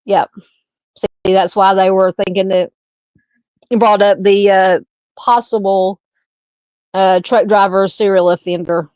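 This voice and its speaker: A woman from Arkansas with a Southern Arkansas accent, hosting a true crime live stream, thinking aloud in a halting way while she reads and answers viewer comments. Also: mid-range voice, little pitch movement, a little mellow, smooth, no echo, dull audio.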